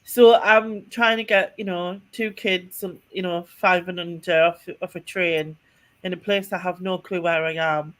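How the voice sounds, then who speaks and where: A woman's voice: fairly low pitch, steady tone, measured pace. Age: 40s. Sex: woman. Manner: rambling storyteller. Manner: rambling, with restarts and small laughs. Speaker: podcast co-host. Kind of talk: casual storytelling chat.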